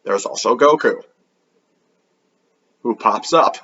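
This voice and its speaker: A man's voice: mid-range voice, slow pace, bright, forceful tone, breathy edge, highs cut off. A man hosting a comedic anime review show, sarcastic and swearing freely.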